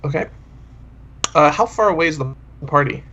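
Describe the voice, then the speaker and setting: A man's voice: a little high, moderate pace, sharp tone, slight background noise. A man playing in a tabletop game, chatting in an easygoing, hesitant way. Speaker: player. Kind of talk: casual tabletop game chat. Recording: muffled, dull mic.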